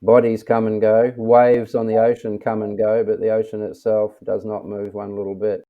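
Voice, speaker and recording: A low, gravelly man's voice comes through thin, phone-like audio. He speaks as an interview guest on a video call, calm and self-assured. He takes his time with every thought. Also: normal speed. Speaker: interview guest, mystic teacher. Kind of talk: reflective interview talk.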